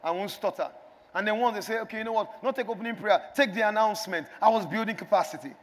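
A man's voice: high voice, fast. A man preaching a sermon in a church, urging the congregation to repeat after him. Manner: call-and-response exhortation, rising to shouts. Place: large church hall. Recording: long church hall reverb.

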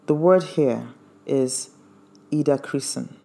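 A man's voice: mid-range voice, a little slow, vocal fry, dark tone. A man preaching a sermon, earnest and emphatic, quoting scripture verse by verse.

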